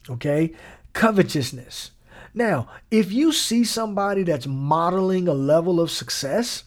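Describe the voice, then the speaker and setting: A man's voice: high-pitched, darkish tone. A man delivering a conversational sermon, casual and emphatic, repeating lines for effect and mixing in slang. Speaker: preacher.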